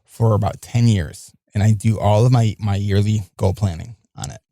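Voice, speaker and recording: A man hosts a podcast in casual chat, rambling and often restarting his sentences. His lowish voice is mellow with vocal fry, at normal speed, recorded in studio quality with no echo.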